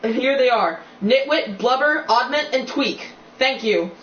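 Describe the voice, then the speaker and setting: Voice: medium pitch, unhurried, fairly bright tone, pitched above the performer's own voice, lightly acted. Reader doing an eccentric old wizard headmaster, beaming and a bit silly, raised voice, roomy far recording. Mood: cheerful. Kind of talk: amateur audiobook reading. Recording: dull, roomy, distant recording with faint hiss.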